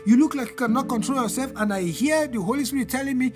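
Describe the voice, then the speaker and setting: A man's voice: very high voice, fast, over music. A male pastor delivering a fervent deliverance sermon, repeating phrases in a sing-song preaching cadence.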